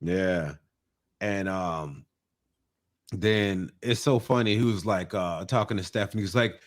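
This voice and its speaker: With a deep voice and measured pace, a New York-accented man co-hosts a podcast and walks through a reality show recap. He narrates animatedly, acting out what people said.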